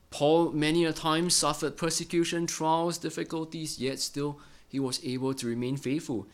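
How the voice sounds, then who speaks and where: Earnest preacher man, keeps asking "right?". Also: fairly high pitch. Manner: earnest, ends many phrases with a tag question "right?". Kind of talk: Bible-study sermon.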